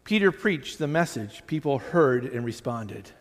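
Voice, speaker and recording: A pastor with a fairly high, lively voice speaks at a moderate pace during his sermon. He's conversational and self-deprecating, frequently starting over and adding asides, while the sanctuary gives everything a long reverb.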